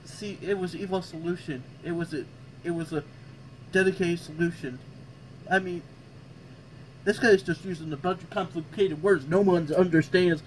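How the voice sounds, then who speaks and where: A man's voice: on the high side, normal speed, slight background noise, poor audio. A man hosting a reaction video, talking back sarcastically at what he reads and tripping over words. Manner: stumbles and restarts over words. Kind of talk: casual reaction commentary.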